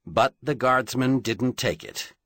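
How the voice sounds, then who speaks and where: Male narrator, dramatic delivery with wide swings in pitch, dry close sound. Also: animated, a bit bright, no room sound. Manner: dramatic, measured storytelling. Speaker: audiobook narrator. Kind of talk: scripted fiction narration.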